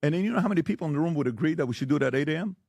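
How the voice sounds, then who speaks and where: A man debating on a talk show, who lectures forcefully and keeps firing rhetorical questions and blunt warnings. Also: a little high, animated, very fast, creaky, no room sound. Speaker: podcast guest debating the host. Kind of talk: heated debate.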